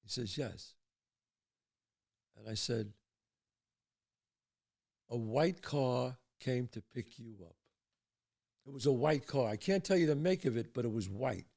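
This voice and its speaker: An older man hosting his show, telling a personal story in a casual, animated way and dropping low and quiet at the tense parts. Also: measured pace, gravelly, long pauses. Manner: animated storyteller, drops to hushed tones for suspense. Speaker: podcast host.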